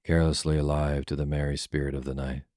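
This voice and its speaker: A man reading a classic story aloud in a calm, soothing bedtime manner, close to the mic. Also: very deep voice, fast talker, no echo.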